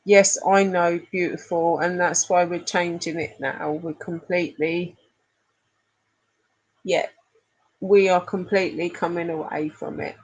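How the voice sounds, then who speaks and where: Chatty woman, low and slow. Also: steady tone, slightly rough, low-quality recording. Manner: chatty, affectionate, laughs often. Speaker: live stream host. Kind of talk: casual live chat reading comments.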